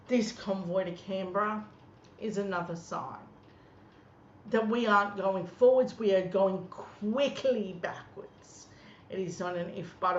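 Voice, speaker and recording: Woman, 30s, blunt scornful political rant; mid-pitched, recorded in an echoey room. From Australia. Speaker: political commentator. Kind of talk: ranting political commentary. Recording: echoey room, dull lo-fi sound, faint noise.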